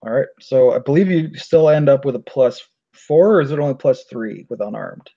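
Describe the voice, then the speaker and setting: A man who is game master, narrating a tabletop game in a relaxed way, with plenty of fillers. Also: mid-range voice, normal speed. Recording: dull lo-fi recording.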